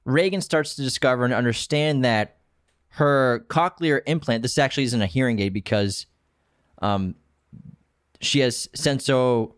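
A man co-hosting a podcast in casual chat, relaxed and often laughing as he runs a movie quiz. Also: medium pitch, a little slow, clean tone, no room sound, clean studio sound. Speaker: podcast co-host.

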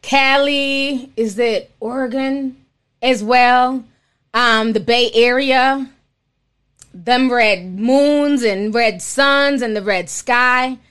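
A woman from Minnesota hosting a live stream, telling stories in casual chat and reading viewer messages, animated and exclaiming, calling listeners honey. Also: a little high, very slow, clear, resonant tone.

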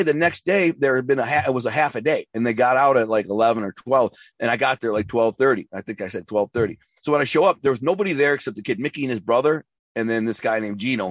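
Fast-talking man telling street stories. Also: mid-range voice, a bit bright, no room sound. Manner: rambling, emphatic storyteller with frequent restarts and street slang. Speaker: interview guest. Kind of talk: casual storytelling interview.

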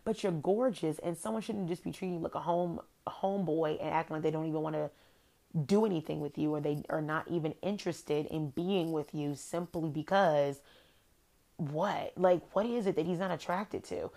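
Woman podcast host, low gravelly voice, sassy and profane recap rant. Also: normal speed. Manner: profane, sassy, animated commentary. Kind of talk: casual reality-TV recap rant.

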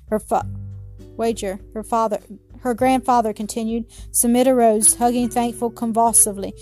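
A woman narrating a children's story in a gentle, measured reading. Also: a little high, fairly even intonation, faint music behind.

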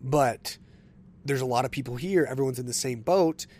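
A man's voice: medium pitch, normal speed, a little mellow. A man hosting a casual solo podcast, telling stories in a chatty, conversational way. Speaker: podcast host.

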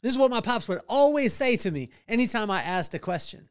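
A man's voice: high voice, expressive, a little fast, clean tone. A middle-aged man hosting a podcast, telling a family story and acting out the voices. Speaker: podcast host. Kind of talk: storytelling devotional talk.

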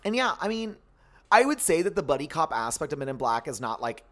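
A man's voice: on the high side, very animated, fairly quick, a bit bright. A man co-hosting a podcast in casual, campy chat, swearing freely. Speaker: podcast co-host.

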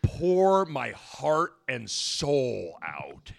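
A man's voice: medium pitch, huge pitch swings, drawn-out words, gravelly. A man hosting a sports talk show, rambling casually and joking, piling on analogies. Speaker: sports radio host.

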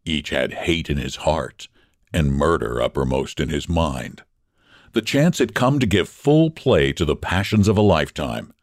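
A man narrating a story in an expressive, measured reading. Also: a bass voice, dry recording, clean studio sound.

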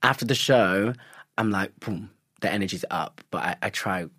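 A young man, a stage actor, chatting as a guest, telling quick animated stories full of slang. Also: lowish voice, no echo, clean studio sound. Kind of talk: casual chat.

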